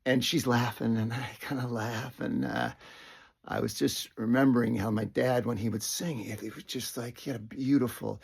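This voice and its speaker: Speaking directly to the listener, a middle-aged man recounts a personal story as if working it out aloud. His voice is gravelly and husky, medium in pitch, with a steady tone and moderate pace, and he often restarts sentences and drops into soft, whispered asides.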